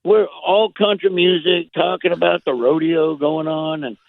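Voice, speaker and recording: A man's voice: fairly high pitch, steady tone, measured pace, vocal fry, no echo. Rambling man on a muffled line. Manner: rambling storyteller, laughs and acts out quotes. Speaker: guest comedian. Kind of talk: casual phone interview.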